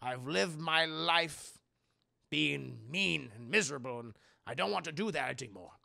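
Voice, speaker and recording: A man voicing a grumpy, crusty old man who blusters but softens. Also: fairly high pitch, lively intonation, normal speed, vocal fry, exaggerated voice. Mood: gentle. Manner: blustery, exasperated outbursts.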